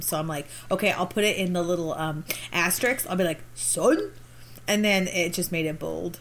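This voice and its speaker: A woman's voice: on the low side, brisk, a bit bright. Woman podcast co-host, casual giggly rambler, faint background noise. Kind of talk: casual chat.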